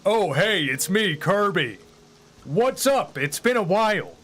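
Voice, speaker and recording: A man's voice: high voice, sing-song, slow, fairly bright tone, full character voice. Kirby, a man doing a cheerful little creature. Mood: chummy.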